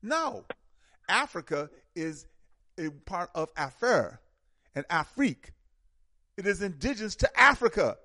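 A man's voice: high-pitched, very animated, a little slow, pauses often, sharp tone. A man hosting a call-in radio talk show, speaking in an emphatic way.

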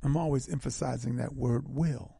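An older man hosts a call-in radio show, his voice gravelly and husky. His tone is dark and mellow, and he builds his points through preacherly repetition. The sound is dry and close. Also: mid-range voice, fairly even intonation, moderate pace, dry recording. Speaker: radio talk show host.

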